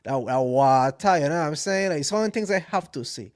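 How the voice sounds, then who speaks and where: Young man, Caribbean accent, animated and excitable, fairly high pitch, dry sound. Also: fast talker, no echo. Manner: animated, loud and excitable, swearing freely. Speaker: podcast co-host. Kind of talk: casual podcast chat.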